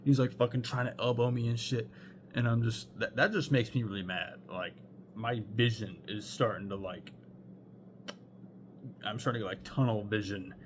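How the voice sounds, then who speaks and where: Young man, low voice, rambling casual storyteller, swears a lot; faint hum underneath. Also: moderate pace. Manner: rambling, heavy on fillers and swearing.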